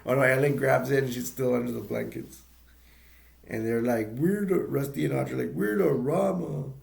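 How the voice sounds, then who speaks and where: A man with a gravelly, creaky voice at an ordinary middle pitch recaps a movie in a loose, casual way. He rambles and restarts often, filling gaps with ums and uhs. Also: little pitch movement. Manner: rambling, halting retelling with many fillers and restarts. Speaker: movie reviewer.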